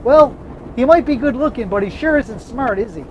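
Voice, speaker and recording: A man's voice: extremely high pitch, lively intonation, moderate pace, slight background noise, pitched above the performer's own voice, rough recording. A man voicing a tipsy, pushy middle-aged camper in an overbearing way.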